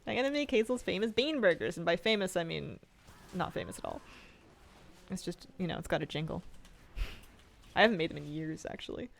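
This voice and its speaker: Low, gravelly woman chatting with her stream. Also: brisk, long pauses. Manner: rambling, self-mocking, laughs often. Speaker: game streamer. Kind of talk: casual chat with stream viewers.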